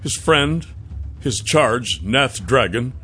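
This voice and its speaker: A man narrating a fantasy audiobook in a measured, deliberate way. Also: mid-range voice, expressive, pushed and bright. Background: faint music.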